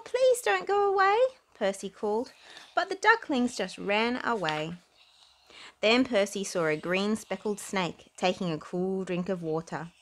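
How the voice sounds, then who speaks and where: A woman narrating a children's storybook aloud in an expressive, unhurried way. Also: fairly low pitch. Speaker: storybook reader.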